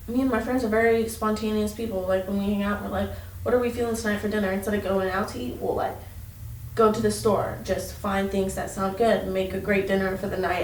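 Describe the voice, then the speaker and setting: A woman's voice: mid-range voice, darkish tone. A young woman in casual podcast chat, talking loosely with lots of swearing and "like.". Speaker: podcast guest. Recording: roomy echo, mic at a distance, faint noise.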